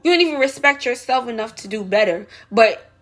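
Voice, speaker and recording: Woman going off on a rant, lots of repeated questions, high sharp voice. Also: lively intonation, brisk. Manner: emphatic, repeats rhetorical questions, addresses viewers as y'all. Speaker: vlogger. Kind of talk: opinion rant to camera.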